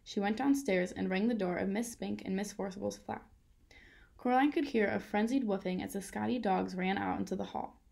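Gravelly woman reading a children's book. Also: medium pitch, fairly quick, darkish tone. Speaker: reader. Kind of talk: children's book read-aloud.

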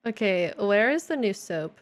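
A young woman chats her way through a live game stream from home, unhurried and drawn out. She keeps up a joking, self-deprecating patter and reads viewers' messages aloud. Faint music plays behind her. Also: medium pitch, very animated. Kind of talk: casual live-stream chat while playing.

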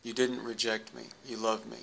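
A man's voice: mid-range voice, monotone, normal speed, vocal fry, a bit bright. A man earnestly addressing his late mother during an EVP recording, apologizing and pleading for a response. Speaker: paranormal investigator.

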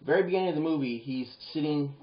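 A man giving advice in a casual monologue, animated and rambling, breaking into quoted voices and swearing now and then. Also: a little high, fast. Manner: animated, acts out quoted lines in bursts, swears; rambling with restarts and fillers. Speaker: vlogger. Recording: roomy, dull lo-fi home video.

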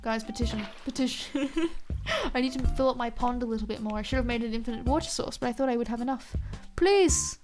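A woman's voice: on the high side, darkish tone. A young woman streaming a game live, chatting casually with her viewers in a bubbly, rambling way full of internet slang. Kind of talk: casual live-stream chat while gaming. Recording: music playing behind.

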